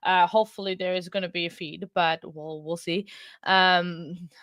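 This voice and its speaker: A woman's voice: fairly low pitch, fairly even intonation, normal speed, fairly bright tone, no room sound. A woman hosting a casual livestream from home, chatting loosely with viewers and laughing often between rambling sentences. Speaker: livestream host.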